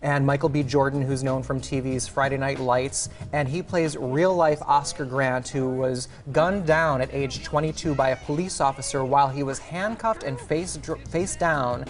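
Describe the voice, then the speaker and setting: A man's voice: mid-range voice, fairly even intonation, normal speed, few pauses. Enthusiastic male critic, chatty TV review delivery. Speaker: film critic. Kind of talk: TV movie review chat.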